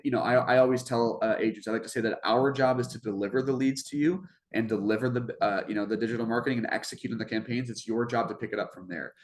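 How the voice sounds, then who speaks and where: A man presenting an informational webinar over a video call, talking earnestly and conversationally with many restarts. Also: medium pitch. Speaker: webinar presenter for a marketing program.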